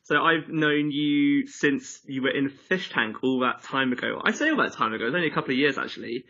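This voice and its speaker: A relaxed male host chatting with a guest over a video call, loose and friendly in phrasing with plenty of "like". His voice sounds bright and crisp, while the call audio is a bit dull. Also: mid-range voice, brisk. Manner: easygoing, says "like" often. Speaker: radio show host.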